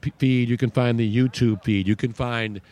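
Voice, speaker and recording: A man hosts a radio talk show, chatting freely and pushing a sponsor's pitch. He stresses points by repeating words. His voice sits at an ordinary middle pitch for a man. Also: fairly even intonation, moderate pace, darkish tone. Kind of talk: casual sports talk with live ad reads.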